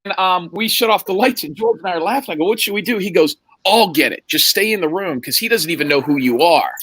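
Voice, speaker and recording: A man's voice: sits high, expressive, fast, a bit bright, husky, no echo, poor audio. A man telling a wild story in a casual chat, acting out the other people's lines and swearing freely. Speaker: podcast guest.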